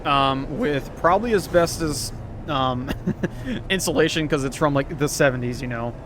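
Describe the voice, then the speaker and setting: A man's voice: fairly high pitch, normal speed, background noise. A young man telling a rambling story in casual chat, swearing, laughing often and full of fillers. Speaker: storyteller host.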